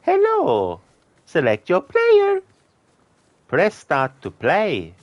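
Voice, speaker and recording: Mario, a squeaky mock Italian. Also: male voice, wildly swooping pitch, very slow, no echo, lo-fi sound, full character voice. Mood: goofy. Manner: squeaky, sing-song impression. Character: chirpy cartoon plumber hero, male.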